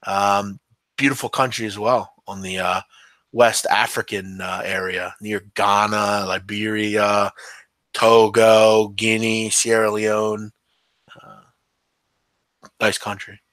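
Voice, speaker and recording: A man's voice: on the low side, flat delivery, takes it slowly, long pauses, fairly bright tone, no echo. A man hosting a podcast, chatting casually with viewers in a rambling, hesitant way, full of ums and restarts and. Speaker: podcast host. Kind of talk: casual live-stream chat answering viewers.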